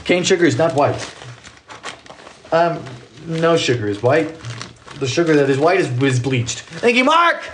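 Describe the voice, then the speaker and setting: A man's voice: a little high, unhurried, pauses often, a little hiss or hum. A young man chatting casually while baking on a livestream, reading out viewer comments with playful exclamations. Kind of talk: casual live baking stream chat.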